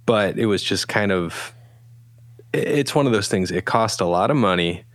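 A man's voice: lowish voice, expressive, moderate pace, a bit bright, dry recording. A middle-aged man, a guest, telling a rambling casual story and acting out quoted lines. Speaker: guest, pedal company founder.

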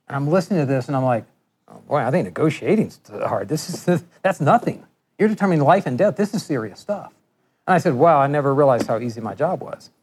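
A middle-aged man giving a lecture, telling animated workplace anecdotes and acting out the voices of people he quotes. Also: mid-range voice, fairly quick, husky. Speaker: guest lecturer. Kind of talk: storytelling lecture.

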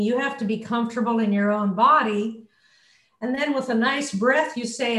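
This woman's voice sits a little high and sounds expressive and slightly bright, moving at a moderate pace in a reverberant space. She is a voice coach leading a session on a video call, demonstrating her points by changing her voice to give examples.

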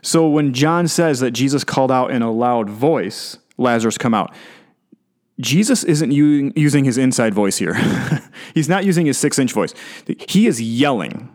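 A man who is a pastor, preaching in a conversational, animated way and often restarting or repeating his words. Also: mid-range voice, unhurried. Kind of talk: conversational sermon.

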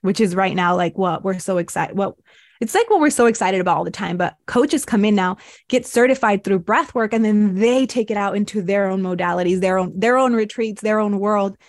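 A woman's voice: mid-range voice, fairly quick, no room sound, studio quality. A woman, a podcast guest and breathwork mentor, telling her life story in a casual interview and acting out her past thoughts as quotes.

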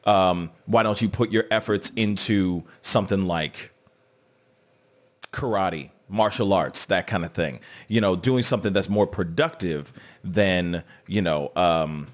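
A man's voice: sits low, measured pace. A young man hosting a casual morning show, rambling loosely with lots of fillers, still in his morning voice. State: morning voice, a bit cracky. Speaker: show host.

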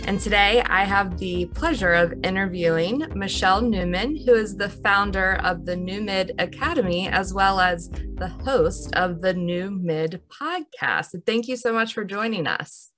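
A woman's voice: medium pitch, a little slow, few pauses, over music. A woman hosting a podcast, opening the show and welcoming her guest with enthusiasm. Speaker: podcast host. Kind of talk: podcast interview.

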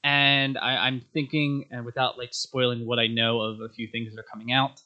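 A young man chatting as a podcast guest, telling stories in an animated way and acting out characters' lines. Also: medium pitch, moderate pace, highs cut off. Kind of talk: casual podcast chat.

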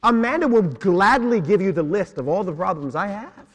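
A pastor delivers his sermon in a raised, high voice, hammering on key words and putting questions to his listeners. The sound carries a long reverb from a large church sanctuary. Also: animated, normal speed. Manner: emphatic, repeats key words, asks the congregation questions. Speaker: senior pastor.

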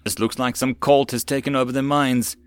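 A man's voice: medium pitch, little pitch movement, a little fast, clear, resonant tone, natural voice. A man as a matter-of-fact officer. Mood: calm.

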